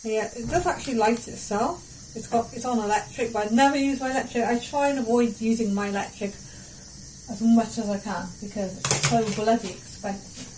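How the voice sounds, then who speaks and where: A woman's voice: a little high, moderate pace, a little mellow, slight background noise, rough recording. A woman with a slightly raised voice talks her way through a homemade cooking video in her own kitchen. She rambles casually, wandering off into self-deprecating asides in an easy, unscripted way. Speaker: vlogger. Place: home kitchen.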